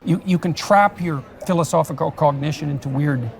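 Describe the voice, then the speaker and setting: A man in a public discussion who lays out thought experiments in a deliberate, measured way. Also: a little high, gravelly. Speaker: guest on a public talk.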